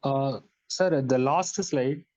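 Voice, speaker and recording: A man's voice: medium pitch, slow, a little mellow, no room sound, poor audio. A man, a research fellow, politely asking a question in a lecture session, searching for his words.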